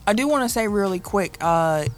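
A man's voice: high-pitched, lively intonation, normal speed, soft background music. A man hosting a casual sports podcast, laid-back as he moves through the topics. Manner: laid-back, wraps up segments. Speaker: podcast host.

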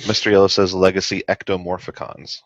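A man's voice: deep voice, completely flat delivery, a little fast, no room sound. A man hosting a live podcast, joking with his co-hosts and reading viewer comments aloud. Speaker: podcast host. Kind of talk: casual live podcast chat. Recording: lo-fi muffled audio.

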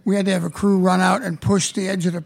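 A man's voice: flat delivery, fast talker, creaky. A man, a theatre stage manager, telling backstage stories in a dry, understated way as a guest on an interview show. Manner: dry, understated, low-key. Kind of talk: casual interview storytelling.

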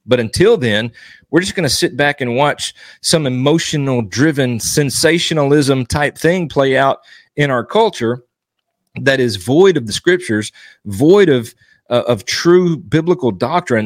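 A man's voice: mid-range voice, expressive, a little slow, dry recording. Earnest preaching man, dry close sound. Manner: earnest, exhorting, repetitive emphasis. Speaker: Baptist preacher. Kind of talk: informal devotional teaching.

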